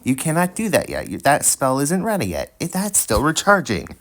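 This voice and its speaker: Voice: mid-range voice, wildly swooping pitch, moderate pace, fairly bright tone, voice pushed up. A speaker voicing their own brain as a nagging voice that keeps refusing, like a spell on cooldown. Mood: scolding. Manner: repetitive, mechanical scolding.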